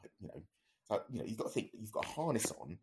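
A man's voice: lowish voice, very animated, fast, a little mellow. A man, a podcast co-host, telling a story in a rambling, casual way with many fillers and restarts.

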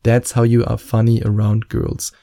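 A man's voice: mid-range voice, monotone, normal speed, gravelly, dark tone, no room sound, studio quality. A man with a German accent, giving dating advice in a playful, joking vlog. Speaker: dating coach.

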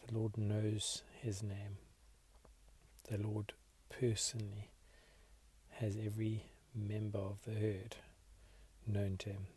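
Man, podcast host, devotional meditation, low husky voice, flat even delivery. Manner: slow, reflective, soft-spoken.

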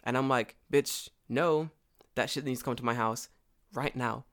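An animated man with a mid-range voice tells a story at normal speed in a casual, profane chat, swearing a lot and laughing often. As the storyteller in the conversation, he acts out both sides of a phone call. He lives and works in Japan.

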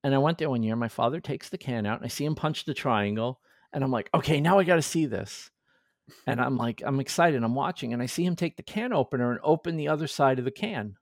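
A man in his forties hosting a podcast in casual chat, an animated storyteller who acts out the voices of people in his stories. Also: mid-range voice, fast talker, no room sound, studio quality. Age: 40s. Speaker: podcast host.

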